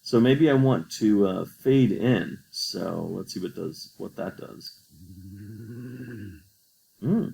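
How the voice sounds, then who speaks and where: Man, low voice, gravelly, patient step-by-step coding tutorial. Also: lively intonation, measured pace, few pauses, mellow, low-quality recording. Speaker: teacher. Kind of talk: screen-recorded coding tutorial.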